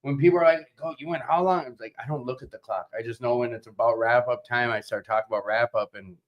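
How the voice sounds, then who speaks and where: A man hosting a casual recovery talk show, excitable and quick to swear and laugh. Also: medium pitch, muffled recording. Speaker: podcast host.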